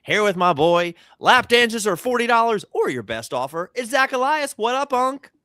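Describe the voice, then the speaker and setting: A man hosting a comedy podcast with a bright, forceful voice that swings widely in pitch. He talks loud and jokey into a close, dry studio mic. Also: very animated, moderate pace, no echo. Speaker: podcast host.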